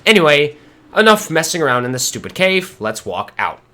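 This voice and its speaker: A man giving excitable, casual commentary while streaming a game, often swearing and laughing. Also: fairly high pitch, fairly quick.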